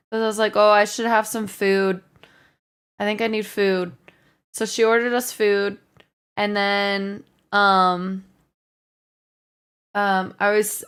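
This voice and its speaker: A woman's voice: mid-range voice, fairly bright tone, smooth. A young woman livestreaming, casually telling her viewers a rambling story, full of "like" and "um". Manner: rambling storytelling with many likes and ums. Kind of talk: casual chat with stream viewers.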